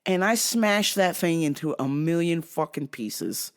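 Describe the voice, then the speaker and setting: A woman's voice: sits low, measured pace. A young adult woman telling a comic story as a vlogger, swearing freely and breaking into shrieking laughter. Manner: profane, animated, bursts into shrieking laughter. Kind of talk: comedic storytelling rant.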